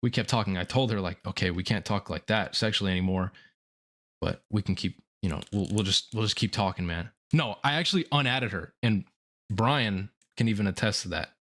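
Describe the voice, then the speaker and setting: Young male streamer, lower register, guilty confessional monologue, halting and profane. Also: fairly bright tone. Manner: remorseful, halting, profane, filler-heavy.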